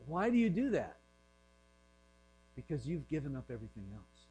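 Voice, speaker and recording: A man's voice: fairly high pitch, sing-song, moderate pace, long pauses, slight background noise, poor audio. Man preaching a joking, casual sermon. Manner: joking, acts out voices in quiet asides. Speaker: pastor. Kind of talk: conversational sermon.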